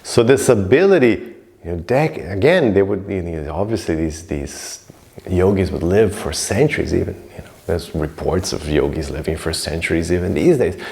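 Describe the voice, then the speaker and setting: A man's voice: low-pitched, moderate pace, creaky, warm tone. A man teaching a recorded class on yoga scripture in a loose, conversational way, acting out stories as he goes. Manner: loose and conversational, acts out stories, many "you know"s. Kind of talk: informal recorded class lecture.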